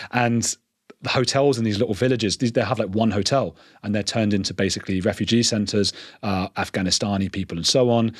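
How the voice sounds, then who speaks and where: An English man, a podcast guest, talking in a quick, earnest way and restarting his sentences often. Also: fairly low pitch, no echo, clean studio sound. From England. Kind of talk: conversational interview.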